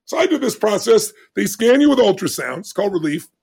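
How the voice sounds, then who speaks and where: Gravelly man in his 60s, high for a man, podcast guest, emphatic dramatic storyteller. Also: sing-song, brisk, darkish tone. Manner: emphatic, dramatic storyteller with big swings of pitch. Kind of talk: animated storytelling in conversation.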